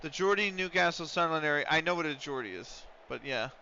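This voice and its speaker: A man's voice: on the high side, lively intonation, quick pace, pushed and bright, slight background noise. A man live-streaming a football management game, rambling in casual banter between play-by-play calls of the action. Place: lives in the United States. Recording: dull lo-fi stream audio.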